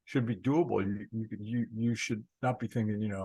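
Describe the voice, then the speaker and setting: A low, gravelly male voice with a husky edge, talking casually about spiritual practice. He tells stories in a loose, conversational way and often repeats words as he thinks. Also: moderate pace, few pauses, a little mellow, low-quality recording. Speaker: spiritual teacher.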